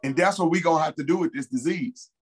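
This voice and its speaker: A man's voice: a little high, quick pace, breathy edge, rough recording. A man as an interview guest, telling a personal story in a casual, earnest way and repeating key phrases for emphasis.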